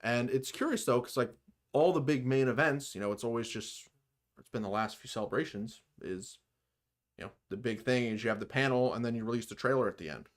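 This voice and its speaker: A man's voice: medium pitch, fairly quick. A man co-hosting a casual livestream chat, thinking aloud in a laid-back way and often trailing off. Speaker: co-host of a fan podcast livestream.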